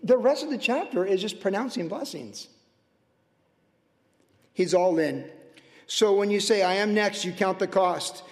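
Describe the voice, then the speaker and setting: A passionate man preaching from the pulpit, his voice pitched high and swinging between fervent bursts and hushed, tender asides. The sermon carries a long, ringing church reverb. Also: lively intonation, measured pace, pauses often. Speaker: pastor. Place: church sanctuary.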